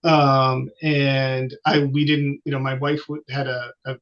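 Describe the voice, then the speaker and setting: A man's voice: medium pitch, little pitch movement, measured pace. A children's author in casual conversation, a man with an easygoing, self-deprecating way of talking. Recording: dull lo-fi audio.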